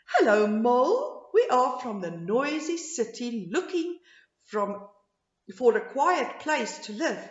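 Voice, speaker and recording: Woman doing high, whiny little foxes. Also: big pitch swings, slow pace. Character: small noisy foxes searching for a home. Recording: roomy, slightly dull home recording.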